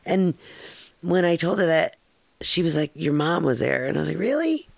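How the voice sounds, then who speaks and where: Podcast host, middle-aged woman, low gravelly voice, frank rambling storyteller, dry close sound. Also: moderate pace, dry recording. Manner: rambling, frank, laughs often, swears casually. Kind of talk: casual storytelling.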